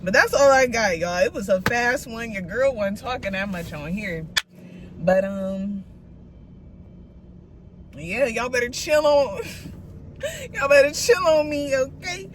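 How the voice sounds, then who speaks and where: A woman's voice: fairly high pitch, sing-song, slow, long pauses, background noise. A woman hosting a solo podcast, telling stories in loose slang and laughing often. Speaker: podcast host. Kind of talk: casual solo podcast talk.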